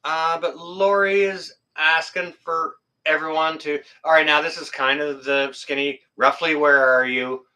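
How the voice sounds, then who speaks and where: Bright-voiced man chatting live. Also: fairly high pitch, steady tone, unhurried, hardly any pauses. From Canada. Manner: rambling, joking, swears mildly, laughs at chat. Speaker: livestream host. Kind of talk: casual live chat reading viewer comments.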